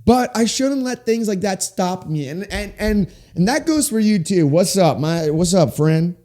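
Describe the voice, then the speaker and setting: A man in his twenties hosting a faith-based solo podcast, talking with big swings up and down in pitch, in a small room with sound panels. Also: expressive, measured pace, mellow. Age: 20s. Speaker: podcast host.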